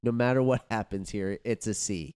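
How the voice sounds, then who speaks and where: A man's voice: fairly low pitch, normal speed, a little mellow, clear, resonant tone, dry recording, studio quality. A young man in casual chat who lays out hypothetical questions to his friends.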